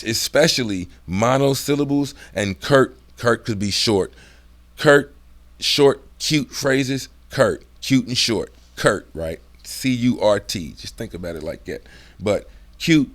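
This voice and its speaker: A middle-aged man hosting his own video, talking casually in slang and acting out the voices he uses, dropping his voice low when he gets serious. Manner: laid-back slangy, acts out voices, drops low for serious. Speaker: video host. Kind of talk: casual talk to camera.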